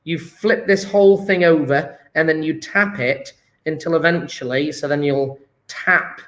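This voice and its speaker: A man's voice: fairly high pitch, a little slow, fairly bright tone. A man teaching a chemistry lesson online from home, chatting casually and repeating phrases as he writes them down. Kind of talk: online lesson, explaining while writing notes. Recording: echoey room.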